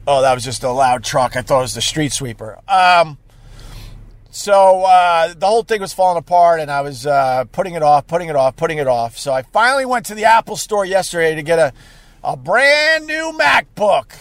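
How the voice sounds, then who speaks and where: A man talking to his viewers from a parked car, telling a story in a casual, rambling way with many fillers and sudden loud outbursts. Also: on the high side, animated, a little fast, no room sound. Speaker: live streamer.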